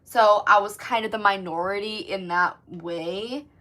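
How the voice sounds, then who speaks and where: Woman, 20s, livestream host. Casual, profane, animated chat with viewers. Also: medium pitch, measured pace. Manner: chatty, swears often, lots of "like", animated.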